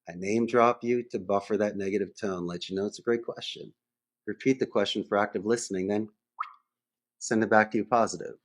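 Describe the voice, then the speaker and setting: Animated man acting out phone calls. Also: lowish voice, a little fast. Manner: animated, acts out phone calls in different voices. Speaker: podcast guest, call center owner. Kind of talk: conversational interview.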